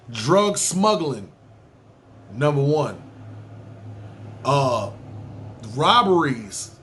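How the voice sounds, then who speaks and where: A man with a New York City accent hosting a podcast, talking in a loose, animated, profane street style. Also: mid-range voice. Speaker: podcast host. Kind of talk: casual monologue ranking places.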